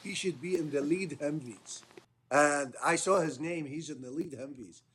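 A man's voice: on the high side, moderate pace, fairly bright tone, slight background noise. Blunt profane man, English. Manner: blunt, profane, non-native grammar. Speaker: former military interpreter, guest. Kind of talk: casual storytelling.

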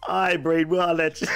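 Male host, casual call-in sports talk, streetwise delivery, slightly higher voice. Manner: loose and streetwise, says "man" constantly. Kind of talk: casual sports talk, taking calls and texts.

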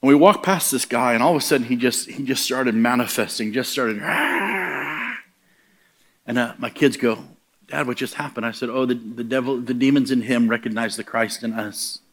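A man's voice: medium pitch, fairly even intonation, a little fast. Emphatic storytelling male preacher. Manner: storytelling preacher, acts out quoted voices, rising emphatic punches. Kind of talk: sermon.

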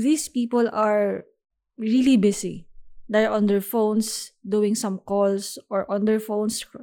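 A young woman hosting a solo podcast, talking through her thoughts in a reflective, unhurried way with small restarts. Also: mid-range voice, dark tone. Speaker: podcast host.

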